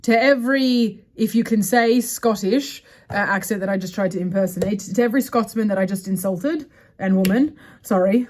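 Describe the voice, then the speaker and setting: A woman's voice: mid-range voice, moderate pace, darkish tone. A woman chatting casually to her phone camera at home, rambling and correcting herself as she goes. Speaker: vlogger. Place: at home, indoors.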